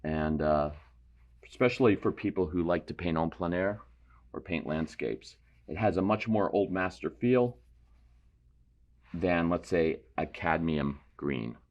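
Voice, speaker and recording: A painting instructor with a low, darkish voice leads an unhurried painting demonstration, apparently in a studio, on dull-sounding audio. He explains each term as he works, thinking aloud loosely and dropping self-deprecating asides.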